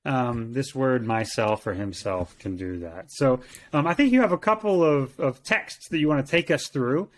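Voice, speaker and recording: A man's voice: medium pitch, lively intonation, normal speed. A man co-hosting a Bible language lesson, speaking thoughtfully and repeating words as he searches for phrasing. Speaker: co-host and teacher. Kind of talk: conversational teaching.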